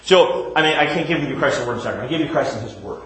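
Speaking rapid-fire at a medium pitch, this male pastor delivers a conversational sermon in an echoey church room. He asks his own questions and answers them, animated as he moves between emphasis and quiet.

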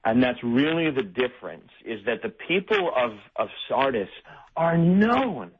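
A man who is a pastor, talking as a guest on a radio show, making his point deliberately and building toward it. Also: medium pitch, sing-song, lo-fi sound, slight background noise. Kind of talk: conversational Bible discussion.

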